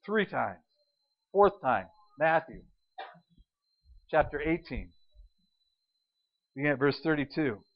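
Male pastor, high voice, animated storytelling sermon, dull lo-fi sound. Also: slow pace, pauses often. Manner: animated, storytelling, acts out scenes and quotes. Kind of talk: Easter sermon.

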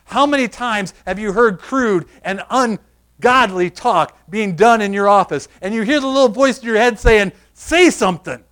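A man preaching a sermon, pressing his listeners with repeated rhetorical questions and sinking to a soft, quiet close. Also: high-pitched, moderate pace.

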